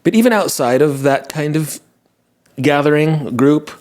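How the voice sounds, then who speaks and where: A man's voice: fairly high pitch, animated, a little slow, darkish tone. A man hosting a podcast, talking in a casual, rambling monologue and laughing at himself. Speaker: podcast host answering listener messages.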